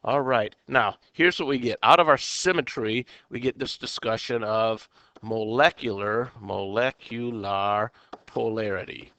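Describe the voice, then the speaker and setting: Slow, crisp-voiced male chemistry teacher. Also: medium pitch, bright, forceful tone, dry recording. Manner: playful, talks to himself, quirky exclamations. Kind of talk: recorded lecture walkthrough.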